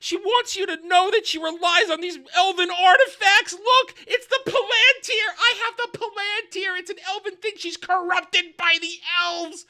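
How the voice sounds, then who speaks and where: A man voicing a shrill woman agitator who shrieks accusations to rile up a crowd. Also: fairly even intonation, normal speed, few pauses, pushed and bright, heavily acted. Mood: accusing.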